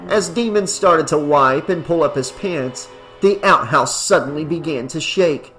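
Brief: male audiobook narrator, steady delivery, slightly raised pitch. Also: a little slow, faint music behind. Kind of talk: audiobook narration of horror fiction.

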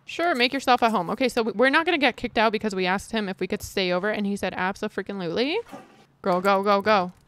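A woman who makes gaming videos talks over her own gameplay in a medium-pitched voice, speaking fast. Her commentary is casual and excitable as she chats with viewers and reacts dramatically.

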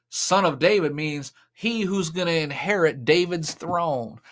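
A man's voice: on the high side, normal speed, few pauses, a bit bright. A man preaching a sermon and retelling a scripture story with dramatic, emphatic delivery. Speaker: pastor.

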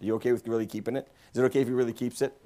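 A man's voice: medium pitch, level tone, racing, mellow. A man preaching a guest sermon in a church, joking with the congregation and bringing people up to take part. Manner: jokey, playful, talks to the congregation. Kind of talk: humorous sermon with audience interaction. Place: church sanctuary.

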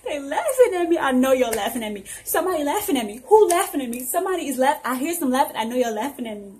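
A woman's voice: sits high, sing-song, fast, a little mellow, slight background noise. A woman playing a drunk, paranoid young woman at a party who is crying and whining. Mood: weepy. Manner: whiny, suspicious.

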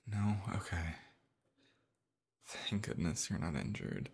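A man in a soothing, whispered role-play as a comforting boyfriend, slipping into unvoiced whispers. His voice sits very low with a gravelly edge. He speaks slowly, with a breathy, husky texture. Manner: soothing, gentle, reassuring; soft, partly unvoiced whispering.

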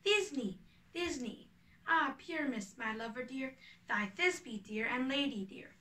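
A woman reading the part of a boastful, eager male weaver who is an amateur actor, with a bright voice, a little high for a woman, in an echoey room away from the mic. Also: slow pace, far from the mic, heavily acted.

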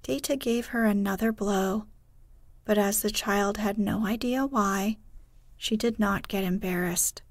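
Hushed woman reading a sleep story, super slow, dry close mic. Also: mid-range voice, steady tone, no room sound. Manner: soft, hushed, gentle. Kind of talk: bedtime story narration.

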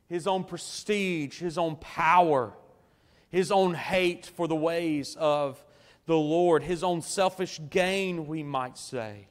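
A man preaching a sermon as pastor, earnest, slowing for emphatic phrases and dropping soft at times. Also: fairly high pitch. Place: church sanctuary. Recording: long church hall reverb.

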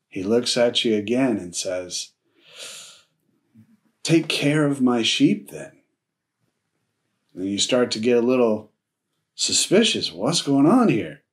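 Slow, easygoing preaching man. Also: mid-range voice. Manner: casual storytelling with friendly slang; acts out dialogue in his telling. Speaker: pastor. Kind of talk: sermon.

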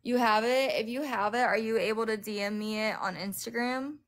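Bossy, slightly high-voiced woman streamer. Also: brisk. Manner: directive, swears freely. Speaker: livestream host. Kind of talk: casual livestream chat.

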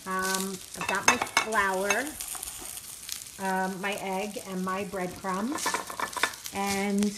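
A chatty woman talks her viewers through a recipe, full of fillers and jokes at her own expense. Her voice sits in a middle register. Loud frying and sizzling from the pan run under everything she says. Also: mid-range voice, little pitch movement, drawn-out words, long pauses, heavy background noise. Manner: chatty and self-deprecating, many fillers. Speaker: vlogger cooking on camera. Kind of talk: casual self-filmed cooking vlog. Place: home kitchen, frying at the stove. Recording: home kitchen with loud sizzling.

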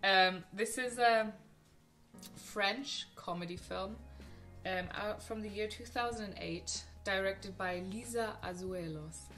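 A woman's voice: medium pitch, slow pace, fairly bright tone, soft background music. A young woman casually talking about favourite films, chatty and gushing, with frequent ums and restarts. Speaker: film vlogger. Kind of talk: casual film recommendations to camera.

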